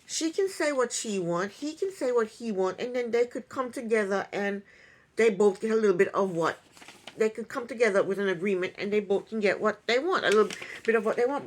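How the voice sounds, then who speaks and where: A woman giving a casual reality TV recap in an opinionated, sarcastic way, with chuckling asides. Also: fairly high pitch.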